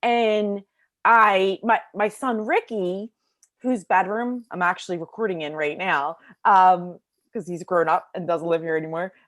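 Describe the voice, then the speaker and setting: A middle-aged woman telling a personal story as an interview guest in a casual, animated way, acting out the voices of people in it, recorded in a bedroom at home. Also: lowish voice, measured pace, no room sound, studio quality. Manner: casual, lots of fillers like "like".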